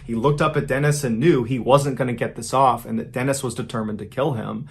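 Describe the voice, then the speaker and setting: Steady male true-crime storyteller. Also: medium pitch, brisk, vocal fry, slightly rough. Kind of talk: scripted true-crime narration.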